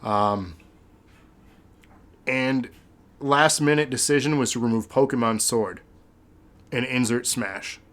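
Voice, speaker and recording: A man's voice: mid-range voice, fairly bright tone. A man hosting a podcast, chatting casually in a rambling, sentimental way with many fillers. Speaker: podcast host.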